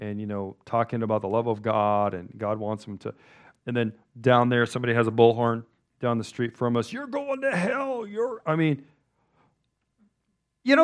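A man's voice: medium pitch, smooth. A male pastor giving a loose, conversational sermon, wandering through asides and restarting his sentences often.

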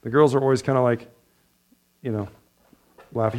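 A man's voice: medium pitch, moderate pace. A man preaching a sermon, reading scripture and laughing often between points. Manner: lively, laughs often, loud bursts of praise. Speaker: pastor.

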